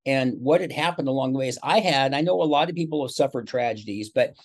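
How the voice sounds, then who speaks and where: A man's voice: mid-range voice, fast talker. A man in his sixties, a motivational speaker, telling his life story as an interview guest in a chatty, anecdotal way. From Seattle, USA. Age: 60s. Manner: chatty, animated storyteller with quoted dialogue.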